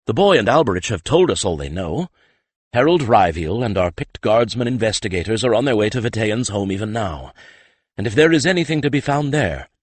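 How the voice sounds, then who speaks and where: A man voicing a calm, authoritative older male leader who speaks smoothly and commandingly. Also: medium pitch, no room sound, voice pushed up.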